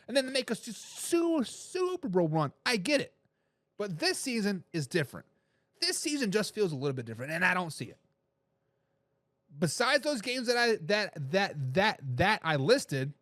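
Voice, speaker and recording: A man hosting a live sports talk show, giving loud opinions on football and reading out viewer comments. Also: sits high, normal speed, dry recording. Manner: animated, opinionated, reads chat comments aloud.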